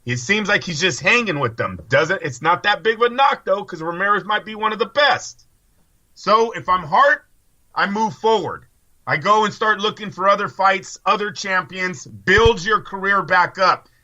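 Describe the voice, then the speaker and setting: Co-host: opinionated man, very bright tense tone, dull lo-fi sound. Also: high voice, animated, moderate pace. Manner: opinionated, rambling, swears casually. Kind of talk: casual boxing podcast chat.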